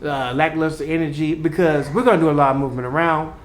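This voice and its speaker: A man co-hosting a casual podcast, talking in an animated way, laughing often and slipping into playful voices. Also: on the high side, fast talker, a little hiss or hum. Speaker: podcast co-host, communications consultant. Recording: echoey room.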